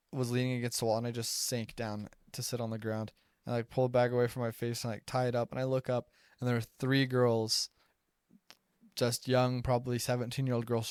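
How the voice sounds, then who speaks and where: A man's voice: medium pitch, darkish tone, clear, resonant tone, no echo, studio quality. A young American man casually telling stories on a podcast, chatty and full of "like.". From United States. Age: young adult. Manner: chatty, filler-heavy, says "like" often. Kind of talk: casual storytelling. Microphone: close podcast microphone.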